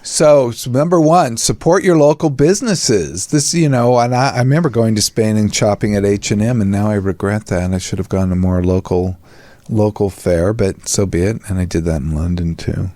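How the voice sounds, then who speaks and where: A man's voice: on the low side, normal speed, darkish tone, no echo. A man hosting a psychology talk show, chatting casually and laughing often in rambling asides. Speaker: podcast host. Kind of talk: casual chat.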